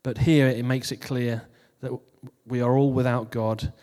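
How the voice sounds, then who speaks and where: Man, preacher, casual sermon, chatty and relaxed, mid pitch, long reverb. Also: unhurried. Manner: relaxed, chatty, laughs at his own jokes. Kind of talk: casual New Year sermon.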